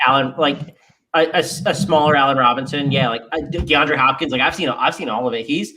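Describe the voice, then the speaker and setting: A man's voice: medium pitch, fairly quick, sharp tone. A man on a casual podcast panel, thinking aloud hesitantly as he weighs in. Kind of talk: casual group chat.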